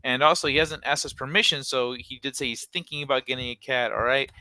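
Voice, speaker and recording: A man's voice: mid-range voice, fairly even intonation, fast talker, sharp tone, no room sound. A young man co-hosting a casual chat, telling a long story in a rambling way full of "like" and restarts, with a casual curse here and there. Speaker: podcast co-host.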